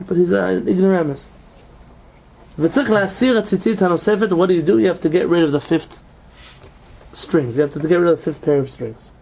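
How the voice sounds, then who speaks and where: A male rabbi teaches a casual study group, and his voice sits high with a rough, gravelly texture. He talks animatedly and often answers his own questions. Faint noise hums behind him. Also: fast. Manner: animated, rhetorical questions, mixes Hebrew terms. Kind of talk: informal Talmud class.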